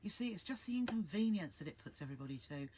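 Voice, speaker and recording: A woman's voice: medium pitch, expressive, rapid-fire, a little mellow, a little hiss or hum. A woman hosts a live sewing stream from home. She chats casually and rambles, stopping to greet viewers by name. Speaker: sewing livestream host. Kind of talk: casual livestream chat.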